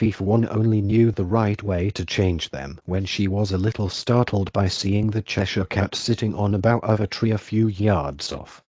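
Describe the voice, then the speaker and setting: Low synthetic male audiobook narrator. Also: no echo, dull audio. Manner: even, measured synthetic reading. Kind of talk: scripted narration.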